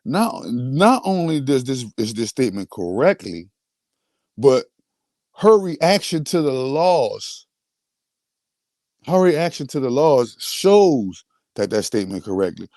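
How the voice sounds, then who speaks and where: A man's voice: medium pitch, very animated, takes it slowly, long pauses, a little mellow, no room sound, studio quality. Boastful man ranting on a livestream. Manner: boastful, repetitive, restarts often. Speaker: host. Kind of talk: livestream rant.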